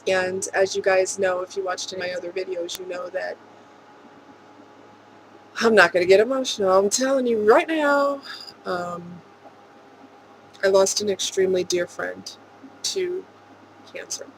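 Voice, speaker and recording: Woman, vlog monologue, heartfelt, rambling, mid pitch, faint vehicle noise behind. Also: fairly even intonation, unhurried, rough recording. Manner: earnest, emotional, rambling, laughs softly. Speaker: vlogger.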